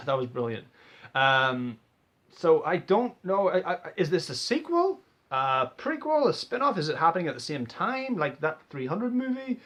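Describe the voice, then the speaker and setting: Young dude vlogging a trailer reaction, rambly and hyped, swears a lot, slightly high voice. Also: male voice, a little fast, highs cut off. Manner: rambling, excitable, swears casually, restarts often. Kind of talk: casual movie trailer reaction.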